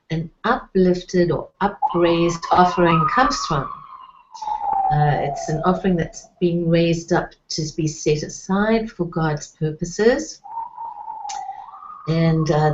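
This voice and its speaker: A woman's voice: fairly low pitch, highs cut off, background noise. A woman teaching a Hebrew lesson, patiently spelling out letters and sounds and saying prayers in Hebrew. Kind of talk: slow, deliberate Bible-language lesson.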